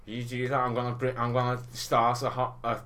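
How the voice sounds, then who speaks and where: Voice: mid-range voice, completely flat delivery, a little fast, fairly bright tone. A podcast co-host, dry and blunt in a casual film-review chat, swearing freely.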